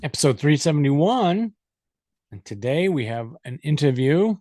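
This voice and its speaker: A man's voice: fairly high pitch, big pitch swings, moderate pace, darkish tone, no room sound, clean studio sound. A man from the United States co-hosting a podcast, chiming in with brief, affirming remarks. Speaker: podcast co-host. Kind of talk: casual podcast chat.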